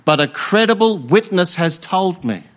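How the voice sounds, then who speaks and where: On Easter Sunday, a man preaches emphatically in a high, bright-toned voice with lively intonation. Pauses and rhetorical questions are his tools for engaging the congregation.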